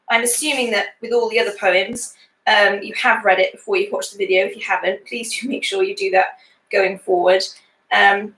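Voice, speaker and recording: A woman's voice: medium pitch, bright, forceful tone. Chatty teacher woman in an echoey room. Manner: chatty, explains with many fillers. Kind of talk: poetry lesson with a read-aloud.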